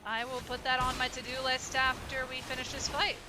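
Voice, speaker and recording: A woman's voice: sits high, level tone, brisk, over music. A woman streaming a game, chatting playfully with her viewers and reading game lines aloud. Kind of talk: casual game streaming with read-aloud dialogue.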